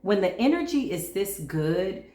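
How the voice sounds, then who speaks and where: A woman giving a casual, playful tarot reading, talking straight to her viewers with lively energy. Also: medium pitch, measured pace, reverberant. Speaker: tarot reader.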